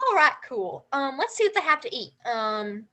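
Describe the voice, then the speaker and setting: A woman's voice: high-pitched, very animated, moderate pace, bright, forceful tone, heavily acted. A woman doing improv comedy, playing a gossipy Southern woman out for a girls' day with folksy, gushing talk. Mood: chatty. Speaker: improv performer.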